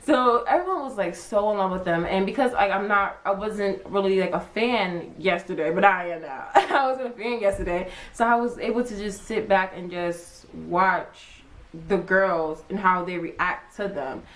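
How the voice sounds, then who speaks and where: A young woman vlogger chatting casually, acting out her own reactions with big jumps in pitch. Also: normal speed, fairly bright tone, rough recording. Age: young adult. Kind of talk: casual chat.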